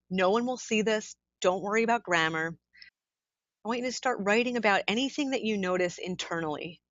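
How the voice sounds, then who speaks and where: Woman workshop leader, guided mindfulness, calm and unhurried, mid pitch, dry dull lo-fi mic. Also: no room sound. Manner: calm, slow guided instructions with soft pauses.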